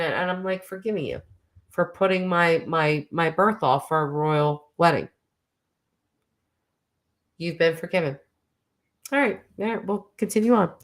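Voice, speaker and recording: A woman in her forties runs a casual livestream and reads out viewer comments as she goes. She talks in a chatty, self-mocking way and laughs often. Her voice sits fairly low but moves through a wide range. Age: 40s. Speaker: livestream host.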